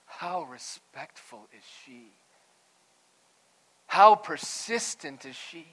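A male pastor delivers a sermon in a bright, somewhat high voice. He drops to hushed, slowed lines and then climbs to loud, emphatic bursts. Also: expressive, husky, rough recording.

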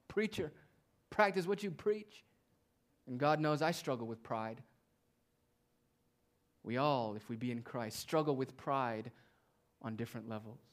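A male preacher delivering a sermon, drawing out quiet phrases slowly and then rising to loud, emphatic declarations. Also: medium pitch. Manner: swings between hushed, drawn-out phrases and loud emphatic declarations.

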